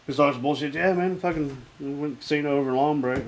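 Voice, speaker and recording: A man's voice: a little high, quick pace, slight background noise, rough recording. A man telling blunt, profane stories about work in casual bar chat.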